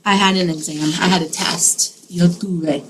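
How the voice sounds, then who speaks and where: A woman's voice: lowish voice, steady tone, unhurried, noisy background. A woman teaching a Spanish grammar lesson in a classroom, explaining patiently step by step and checking in with her students.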